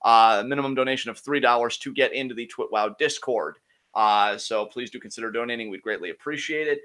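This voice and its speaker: A man's voice: mid-range voice, fairly quick, bright, forceful tone. Brash, profane man hosting a live Q&A. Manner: profane, heated ranting. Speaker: co-host of a Q&A show. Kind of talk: casual live-stream chat.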